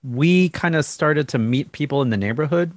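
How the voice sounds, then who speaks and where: A man's voice: a little high, moderate pace, no echo. Hesitant man, dry close sound. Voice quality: hesitant, many restarts and laughs. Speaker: podcast co-host. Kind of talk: casual chat over a video call. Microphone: video call.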